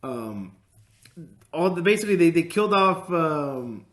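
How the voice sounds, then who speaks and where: A man's voice: a little high, big pitch swings, measured pace, fairly bright tone. A man co-hosting a podcast in casual chat, blunt and sarcastic, joking as he talks. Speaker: podcast co-host. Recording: roomy echo.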